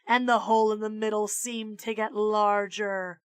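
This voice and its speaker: A woman streamer reading a children's book aloud in an expressive storytelling voice, jumping into high character voices. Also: normal speed, clear, resonant tone, no echo.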